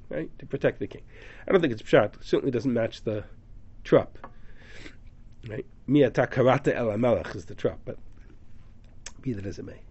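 A man's voice: medium pitch, expressive, normal speed, mellow, husky. A man teaching a text study class, reading Hebrew verses aloud and translating them dramatically. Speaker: Torah teacher. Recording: dull lo-fi class recording.

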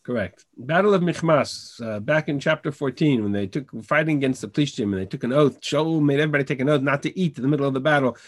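Over a video call, a man with a medium-pitched voice runs a Bible study, reading Hebrew verses and translating them fast with few pauses and many restarts. There's no room sound.

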